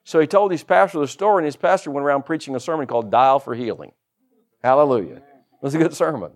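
A man's voice: on the high side, lively intonation, quick pace. A middle-aged man preaching a sermon as pastor, with humorous asides and rhetorical questions.

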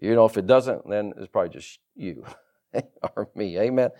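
A man's voice: fairly low pitch, moderate pace, dark tone. A middle-aged man preaching a sermon as pastor, with humorous asides and rhetorical questions.

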